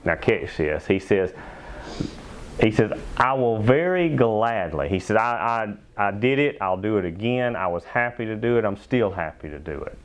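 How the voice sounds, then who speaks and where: A man preaching a sermon as pastor in a church, emphatic, slowing down to stress key phrases. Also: fairly low pitch, animated. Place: church sanctuary.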